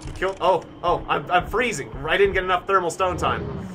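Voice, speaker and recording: A man live-streaming a survival game, talking through his moves as he plays, now and then breaking into shouts. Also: high voice, brisk, music in the background. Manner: animated, thinking aloud, bursts of shouting. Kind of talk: live-stream gameplay commentary.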